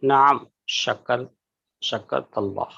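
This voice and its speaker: A man answering practice drills in a class, repeating his answers quickly after the teacher. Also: mid-range voice, creaky, pushed and bright, slightly rough, no room sound, lo-fi sound. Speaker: student.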